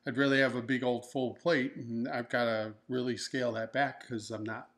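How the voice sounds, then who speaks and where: The speaker is a man with a mid-range, slightly bright voice, level in tone and at normal speed. He co-hosts a couple's keto vlog, joking and rambling casually while nursing a broken ankle.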